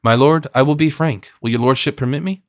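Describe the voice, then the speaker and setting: A man's voice: medium pitch, a little fast, no echo, clean studio sound, natural voice. A man voicing a cunning, talkative fisherman in his fifties who speaks deferentially but slyly. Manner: chatty, wily and deferential.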